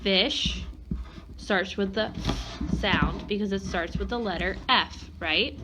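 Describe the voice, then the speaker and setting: A woman's voice: mid-range voice, takes it slowly, noisy background. A woman teacher giving a one-on-one phonics lesson, patiently sounding out letters and words.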